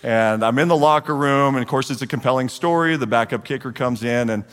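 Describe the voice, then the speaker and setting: A man in his forties, guest speaker at a church men's group, tells his testimony as a story, acting out the dialogue with lively energy. His voice is mid-range and fairly quick, and the church hall gives it the long reverb of a large space.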